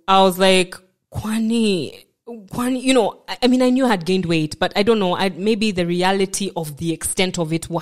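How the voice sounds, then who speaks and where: This woman's fairly low, darkish voice carries a Kenyan accent as she candidly recounts her life on a podcast. She reflects openly and pokes fun at herself along the way.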